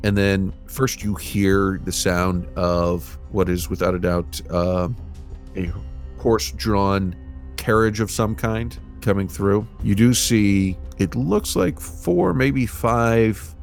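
A man narrating as game master of a tabletop role-playing game, describing scenes in a relaxed, halting way. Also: lowish voice, vocal fry, faint music behind.

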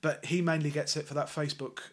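A man's voice: a little high, level tone, fast talker. A man co-hosting a casual political podcast, sarcastic and sweary, often restarting his sentences. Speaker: podcast co-host.

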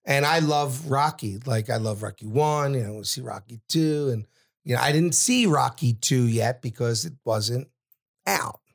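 A middle-aged man, telling a story as a podcast guest and acting out every character in loud, brash voices. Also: mid-range voice, moderate pace, vocal fry. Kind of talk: animated storytelling.

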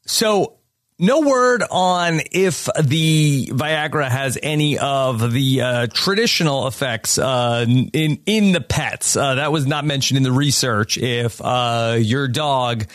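A man hosting a casual chat show, halting and full of pauses. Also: medium pitch, fairly bright tone, no echo, clean studio sound. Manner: halting, lots of filler pauses. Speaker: podcast host.

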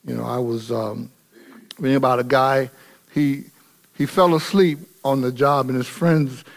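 A man pastor preaching a sermon in an animated, colloquial and humorous way. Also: mid-range voice, measured pace.

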